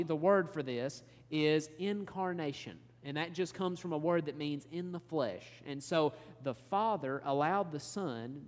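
A man preaching a sermon, explaining scripture in an earnest, measured teaching manner. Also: on the high side. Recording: long hall reverb.

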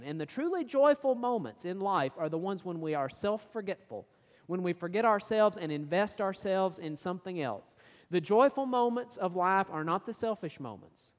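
A preacher delivers a sermon in a large hall, reading scripture verses, explaining them, and putting rhetorical questions to the listeners. His voice is medium-pitched and expressive, at a normal speed.

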